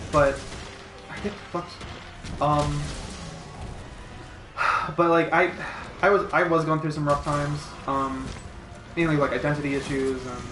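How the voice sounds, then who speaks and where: A young man who is a guest on a casual gaming podcast, speaking hesitantly with many ums and restarts while he plays. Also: on the high side. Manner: hesitant, halting speech full of ums while playing a game. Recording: echoey room.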